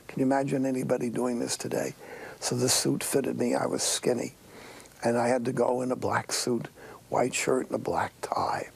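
An older man, a priest, giving a sermon in a wry, earnest storytelling way, with a raspy, breathy voice and many hushed asides. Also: medium pitch.

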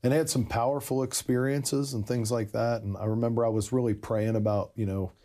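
A man telling the story of his conversion in a casual conversation, animated and laughing often. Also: medium pitch, a little fast.

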